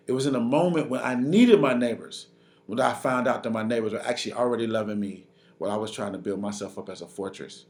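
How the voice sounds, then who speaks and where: A man in his thirties from Chicago, a pastor telling a story in an animated sermon at a conference. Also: medium pitch. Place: conference stage. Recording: roomy hall sound.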